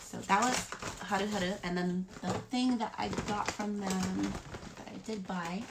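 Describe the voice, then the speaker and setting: A woman's voice: mid-range voice, fairly even intonation, moderate pace, gravelly, very noisy. A woman vlogger chatting casually about free beauty products, rambling with frequent fillers. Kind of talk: casual haul chat.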